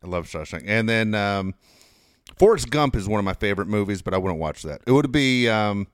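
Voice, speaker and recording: A man's voice: lowish voice, expressive, brisk, no echo, studio quality. A man co-hosting a show, telling profane stories in casual chat. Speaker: podcast co-host.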